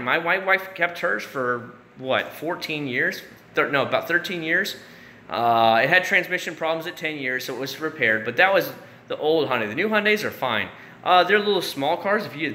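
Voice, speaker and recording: A man in his thirties chats loosely with his live-stream viewers, rambling and restarting his sentences. His voice is bright and forward. It bounces around an echoey room over a faint hiss. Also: medium pitch. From Central Florida. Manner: rambling, chatty, frequent restarts and fillers. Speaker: YouTube live-stream host answering chat. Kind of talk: casual live-stream chat.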